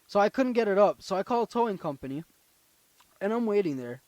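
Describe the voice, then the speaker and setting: A young man co-hosting a casual chat, spinning a story in an animated, profane way. His voice sits a little high. The sound is dry and close, with little room. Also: brisk, no room sound. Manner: animated storyteller, swears freely, swings between loud and quiet. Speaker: podcast co-host.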